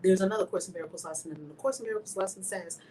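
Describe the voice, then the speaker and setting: A woman hosting a spiritual channel, teaching with emphatic, preacher-like energy that swings between loud exclamations and hushed whispers. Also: fairly low pitch, rapid-fire. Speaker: host of a spiritual video channel. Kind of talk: impassioned spiritual teaching to camera. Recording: somewhat distant mic with faint background noise.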